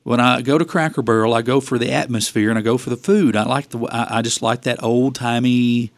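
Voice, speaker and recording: A man's voice: medium pitch, steady tone, fairly quick, dry recording, clean studio sound. An older man co-hosting a community radio show, making easygoing announcements and chatting casually. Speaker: radio host. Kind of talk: casual talk radio chat.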